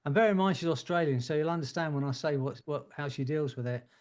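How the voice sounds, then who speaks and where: A man with a slightly high voice hosts a group coaching call. He gives casual, chatty advice and jokes and laughs as he talks. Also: quick pace. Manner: warm joking advice, laughs often.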